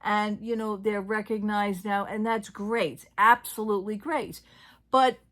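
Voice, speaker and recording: A woman's voice: mid-range voice, steady tone, measured pace, a bit bright. A woman hosting a casual chat about theme park news, talking in loose, filler-heavy sentences. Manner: chatty, trailing off with fillers. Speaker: host.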